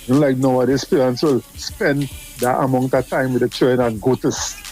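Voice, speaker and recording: Man telling a lively story. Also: medium pitch, a little fast, faint music behind. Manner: animated, repeats words, laughs while telling. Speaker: caller. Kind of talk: casual storytelling.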